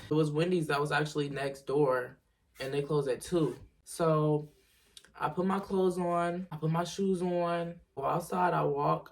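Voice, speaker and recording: A woman telling a story to her viewers in a casual storytime video, animated and swearing freely. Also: sits low, creaky, distant mic. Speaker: storyteller vlogger.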